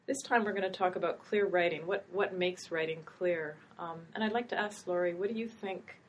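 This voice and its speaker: Thoughtful low-voiced woman writing teacher. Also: fairly quick, slight background noise. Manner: thoughtful, meandering, with hesitations. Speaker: writing instructor and host. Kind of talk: casual academic conversation.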